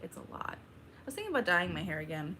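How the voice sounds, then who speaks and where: A young woman hosting a casual livestream, reading chat aloud and chatting back in a slow, laid-back drawl. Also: lowish voice, wildly swooping pitch, bright, forceful tone, slight background noise.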